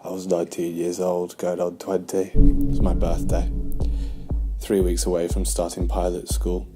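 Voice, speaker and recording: A young man with a very low voice tells a spoof anti-drug confession. He talks in laddish slang with plenty of swearing, in a flat, level tone, with music playing behind him. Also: moderate pace. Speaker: comedy sketch performer.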